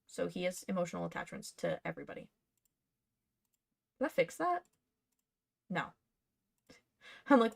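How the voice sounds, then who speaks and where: A woman's voice: fairly low pitch, very animated, moderate pace, creaky, long pauses. A woman streaming her cosplay patterning work, chatting casually and muttering to herself as she works. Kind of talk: casual live-stream chat while working.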